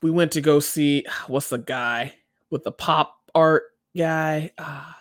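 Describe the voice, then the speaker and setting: A co-host in a casual chat speaks at a medium pitch and a slow pace, recorded dry with studio quality. She tells stories with animation and breaks into squealing impressions of other people.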